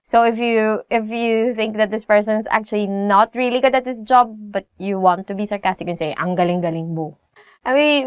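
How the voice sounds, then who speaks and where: A woman's voice: on the high side, clear, resonant tone, no echo, clean studio sound. A young woman with a Filipino accent teaching a casual language lesson, chatty and laughing often as she asks "right?".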